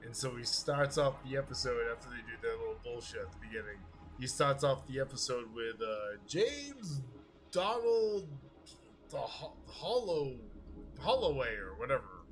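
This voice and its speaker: This podcast host has a medium pitch with big swings and talks at normal speed. His casual chat is rambling and profane, full of laughter and acted-out quotes.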